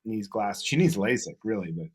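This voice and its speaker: A man's voice: lowish voice, expressive, normal speed, husky. A man co-hosting a comedy podcast, chatting casually and rambling through a story about his wife. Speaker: podcast co-host. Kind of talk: casual chat.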